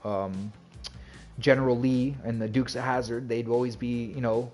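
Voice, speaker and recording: A man's voice: medium pitch, little pitch movement, normal speed, darkish tone, soft background music. A man streaming and chatting casually to viewers, telling a rambling story with restarts and laughs. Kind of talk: casual chat.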